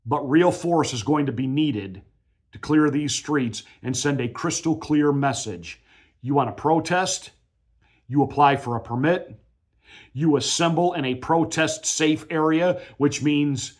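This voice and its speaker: A man's voice: fairly high pitch, slow. A male pastor giving political commentary in a combative, emphatic, mocking way.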